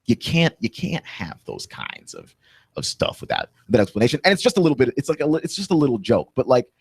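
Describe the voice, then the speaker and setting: A man in a radio studio delivers a heated, opinionated monologue at a mid-range pitch. He presses his points with indignant emphasis, and the recording is close and dry with no room sound. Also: huge pitch swings, a little fast, vocal fry, slightly rough, dry recording. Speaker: radio talk show host.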